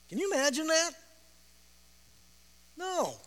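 A man preaching a sermon as a storyteller. He repeats words, laughs, and bursts out in loud shouts. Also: very high-pitched, a little slow. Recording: long reverb of a large hall.

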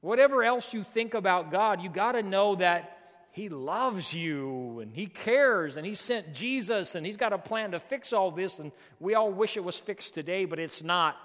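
A man's voice: high voice, expressive, moderate pace, a bit bright, in a large hall. A male pastor, preaching a folksy, emphatic sermon with lots of repetition.

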